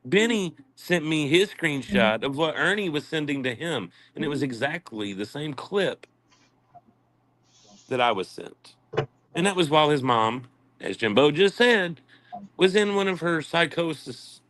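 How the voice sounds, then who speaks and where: A man's voice: on the high side, animated, unhurried, a bit bright, slight background noise. Scornful man cursing in live commentary. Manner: insulting, profane, scornful. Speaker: livestream commentator. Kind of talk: heated commentary on played clips.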